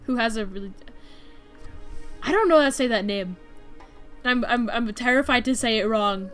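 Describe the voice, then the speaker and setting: A woman's voice: on the high side, moderate pace, a bit bright. A young woman streaming while she draws, chatting loosely and filling her talk with "like" and restarts. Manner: chatty, rambling, frequent "like" fillers. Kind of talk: casual chat while drawing on stream. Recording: faint music behind the voice.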